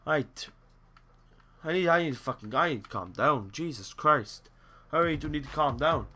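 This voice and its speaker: A man's voice: on the high side, expressive, normal speed. Sweary young gamer guy. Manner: swearing, swings between shouting and muttering. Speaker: gaming YouTuber. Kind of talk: gameplay commentary.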